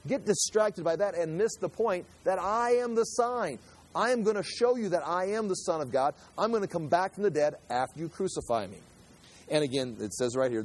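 A man delivers a sermon in an easy, conversational way, reading a passage and then unpacking it line by line. His voice sits a little high and carries a breathy huskiness. He slips into quoted voices to act out the scene. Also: darkish tone. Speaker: pastor.

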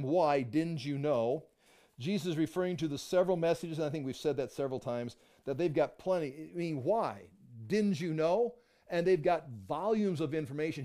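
A man's voice: a little high, dark tone. A man teaching a Bible study class, thinking aloud and restarting his sentences often as he explains a passage to the group.

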